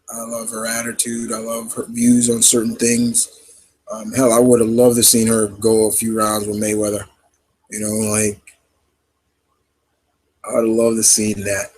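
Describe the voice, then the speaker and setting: A man's voice: on the low side, breathy edge, poor audio. A man hosting a live question-and-answer stream in casual chat, rambling and full of fillers. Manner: rambling, heavy with fillers and restarts.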